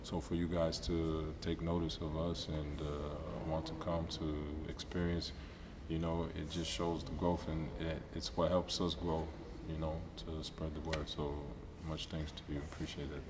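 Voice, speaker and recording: Deep-voiced man in teasing banter. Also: moderate pace, hardly any pauses. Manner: teasing, talks over his partner. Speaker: basketball camp organizer, interviewee. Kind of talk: casual interview banter. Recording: echoey hall with steady background noise.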